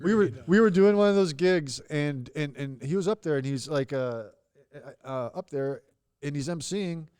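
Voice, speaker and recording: A man's voice: fairly high pitch, normal speed, clear, resonant tone. A man, a comedian, telling loose, profane stories in casual chat and laughing through them. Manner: animated, swearing, laughs through his stories. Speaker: comedian guest.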